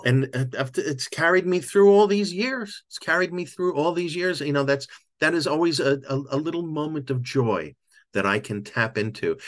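A man's voice: medium pitch, fairly bright tone. Emotional older man telling a story. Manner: reflective, emotional storyteller with frequent restarts. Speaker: author and podcast guest. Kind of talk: storytelling in an interview.

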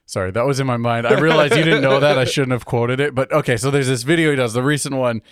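A man in his thirties co-hosts a podcast in relaxed, rambling chat. His voice sits at an ordinary pitch, recorded close and dry with no room sound. He laughs often and trails off mid-sentence. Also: fast, clean tone, no room sound. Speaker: podcast co-host. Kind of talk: casual chat.

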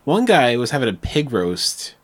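A man co-hosting a podcast, telling stories in casual chat and acting out other people in a high put-on voice. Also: moderate pace. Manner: animated storyteller, acts out customers in a high put-on voice. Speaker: podcast co-host.

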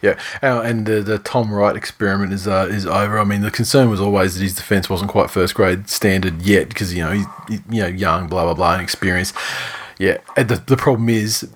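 A man's voice: lowish voice, steady tone, a little fast, a little hiss or hum. A man, co-hosting a sports podcast in casual, sweary, rambling chat. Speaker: podcast co-host.

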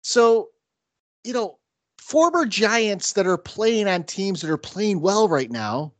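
A man's voice: high-pitched, lively intonation, takes it slowly, a bit bright, no echo. Ranting man with upstate New York accent. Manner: ranting, mimics fans in sudden bursts. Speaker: podcast host. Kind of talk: casual sports chat.

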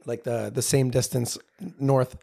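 A man's voice: medium pitch, level tone, gravelly, warm tone, slightly rough. A young man co-hosting a podcast, explaining things in casual chat, stopping and restarting as he searches for words. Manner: explains haltingly, many fillers and restarts. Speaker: podcast co-host.

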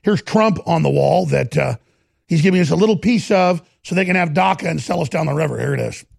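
A man's voice: a little high, lively intonation, fairly quick, creaky, a little mellow, dry recording, studio quality. A man with a Texan accent hosting opinionated political commentary, sarcastic and mocking. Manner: sarcastic, mocking, slips into put-on voices.

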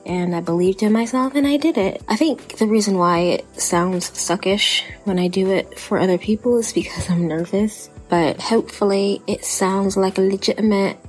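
A woman's voice: mid-range voice, a little mellow, slightly rough, rough recording. A woman with a Texan accent, talking casually and earnestly on a podcast, encouraging listeners. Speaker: podcast co-host.

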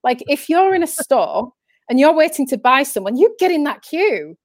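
High and sing-song, this woman's voice moves at a normal speed with no echo around it. She's from northern England and has its accent, chatting loosely as an interview guest and restarting sentences as she tells her stories.

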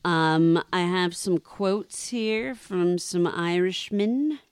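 A woman's voice: fairly low pitch, slow pace, smooth, dry recording, studio quality. A woman co-hosting a casual podcast, running trivia questions and laughing often between remarks. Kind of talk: casual chat.

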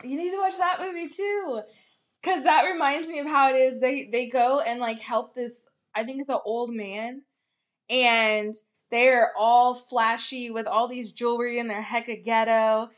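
A woman's voice: on the high side, steady tone, measured pace. A young woman chatting casually on a podcast, laughing often and slipping into mock voices. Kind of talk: casual chat.

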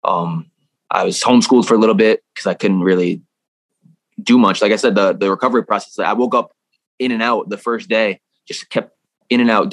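A man's voice: on the low side, a bit bright, no room sound. A young man telling a personal story in a casual interview, rambling and cursing freely, laughing now and then. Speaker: guest.

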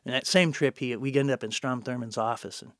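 A man's voice: medium pitch, a little fast, no room sound. Older man, casual podcast storyteller, laughs a lot, salty language, dry close sound. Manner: rambling, laughs often, swears freely. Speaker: podcast guest, bookstore owner.

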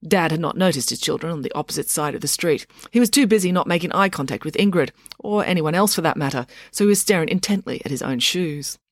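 A woman reading a children's story aloud in a lively, playful narration. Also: sits low, fast, hardly any pauses, no room sound, studio quality. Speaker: audiobook narrator. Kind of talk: scripted narration.

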